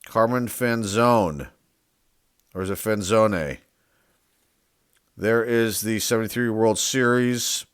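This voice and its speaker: A man's voice: mid-range voice, fairly even intonation, moderate pace, hardly any pauses, clear, resonant tone, no room sound, clean studio sound. A man hosting his own channel, reading out names one by one in casual commentary and musing aloud, sometimes unsure how to say them. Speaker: sports card collector and channel host.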